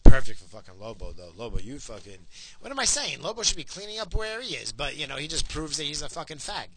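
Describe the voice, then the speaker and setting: A man's voice: on the high side, big pitch swings, fast talker, heavy background noise. Profane ranting man in his forties. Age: 40s. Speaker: podcast host. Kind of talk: casual rant monologue.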